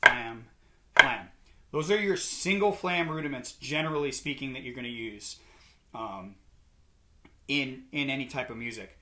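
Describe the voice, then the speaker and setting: A drum instructor with a medium-pitched voice explains rudiments at a moderate pace, loudly calling out counts and rudiment names as he plays. Loud drumming sits behind his voice, and there is a little hiss or hum.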